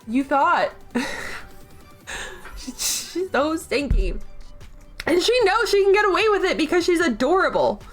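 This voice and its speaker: A woman's voice: extremely high pitch, very animated, a little slow, pauses often, soft background music. A young adult woman chatting casually on a livestream, rambling with lots of fillers and frequent giggles. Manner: giggly, rambling, laughs often. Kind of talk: casual chat stream.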